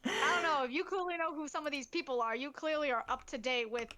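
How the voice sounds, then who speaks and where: Brash high-voiced woman on stream. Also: quick pace, sharp tone. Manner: brash, swearing and laughing often. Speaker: guest co-host. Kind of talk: casual livestream chat.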